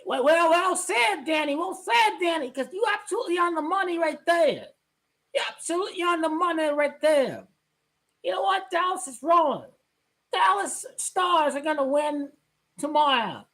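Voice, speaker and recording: A woman ranting about basketball as a sports vlogger, loud and excitable, often shouting and repeating herself. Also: very high-pitched, normal speed.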